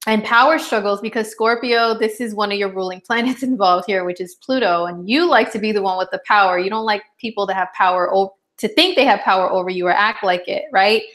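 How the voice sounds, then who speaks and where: A woman astrologer in her thirties giving a casual horoscope chat, chatty and animated, acting out little dialogues and laughing often. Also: mid-range voice, brisk, few pauses.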